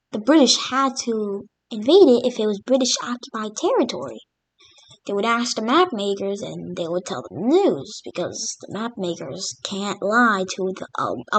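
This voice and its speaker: A woman's voice: mid-range voice, slightly rough, no echo. A woman casually narrating over a map, rambling with many fillers. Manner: rambling, full of fillers like "literally" and "like". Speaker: map video creator.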